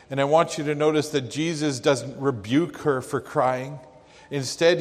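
Slow-spoken preacher in a reverberant hall. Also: male voice, fairly high pitch. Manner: slow, earnest, reflective delivery. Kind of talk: sermon.

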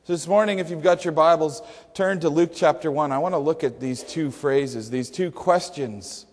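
A man's voice: on the high side, moderate pace, darkish tone. A male pastor preaching a sermon emphatically, with rhetorical questions and dry humor. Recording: long hall reverb.

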